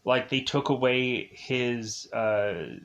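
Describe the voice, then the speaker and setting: A man's voice: mid-range voice, slow pace, a bit bright, highs cut off. A man reviewing a film, retelling the plot in a rambling, casual way with many fillers.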